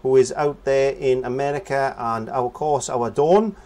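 A man's voice: mid-range voice, steady tone, a little slow, darkish tone. A man giving a casual painting lesson, chatting as he works and humming nonsense syllables while he paints. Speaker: painting teacher.

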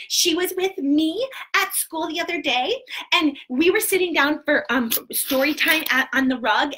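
A woman puts on the voice of a chatty little girl with very long hair, a playful storybook kids' character who tells her tale in a very high, bright, sparkling tone on a children's storytelling live stream. She's dramatic and giggly, squealing at the big moments and dropping to a hushed whisper for secrets.

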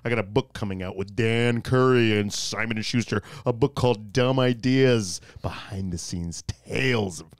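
A man's voice: lowish voice, normal speed, few pauses, dry recording, clean studio sound. A man from Florida, a comedian appearing as a podcast guest, riffing playfully and plugging his projects. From Florida, United States. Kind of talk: casual chat.

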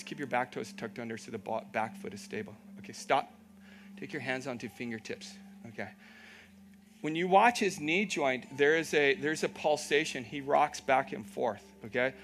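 A man's voice: medium pitch, fairly bright tone. A man teaching a live yoga class, giving encouraging cues, checking in with "okay?", and making playful asides.

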